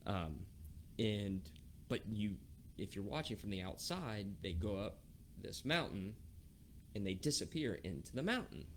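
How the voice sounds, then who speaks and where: A man's voice: on the low side, unhurried, slight background noise. A man co-hosting a podcast, telling a family story in casual, rambling chat full of fillers and restarts. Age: adult parent. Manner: animated, rambling with many fillers and self-corrections. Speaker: podcast co-host.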